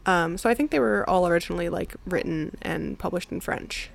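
A woman's voice: on the low side, brisk, gravelly. A woman hosting a casual podcast conversation, chatty, laughing often and filling her talk with likes and ums. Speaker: podcast host. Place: home in New Jersey.

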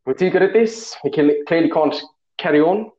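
A young man is hosting a relaxed podcast conversation, joking readily, laughing quickly and teasing his guest. His voice is mid-pitched and a little mellow. The recording has a roomy, slightly dull quality with a bit of hiss or hum.

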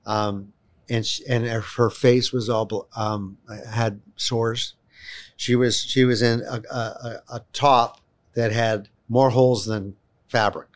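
A man telling a long personal story in conversation, animated and emphatic, often restarting his sentences. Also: medium pitch, slow pace. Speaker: guest, children's home volunteer.

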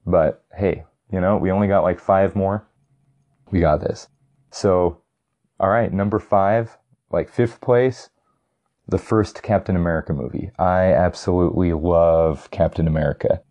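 Low, mellow-voiced young man rambling casually. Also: steady tone, a little slow, dull audio. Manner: rambling and enthusiastic, many fillers and restarts. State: getting tired. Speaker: vlogger ranking movies. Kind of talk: casual chat.

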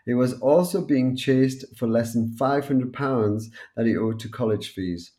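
A man from North East England with a Newcastle accent, co-hosting a casual podcast and talking in a blunt, relaxed way. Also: mid-range voice, measured pace. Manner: relaxed, blunt, swears and laughs easily. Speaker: podcast co-host.

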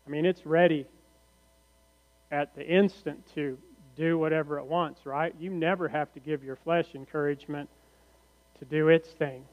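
A male pastor preaching a sermon in a church sanctuary, slow and deliberate, often posing rhetorical questions to the congregation. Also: a little high, steady tone. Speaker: teaching pastor. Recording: reverberant hall, muffled lo-fi sound.

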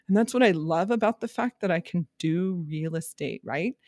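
A woman's voice: on the low side, lively intonation, moderate pace, a little mellow, no echo, studio quality. A woman real estate agent talking candidly in a podcast monologue, emphatic, direct and emotional.

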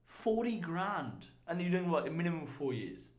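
A man's voice: on the high side, big pitch swings, normal speed. A man hosting a podcast in a casual, laid-back way, often saying "dude" and swearing. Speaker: podcast host.

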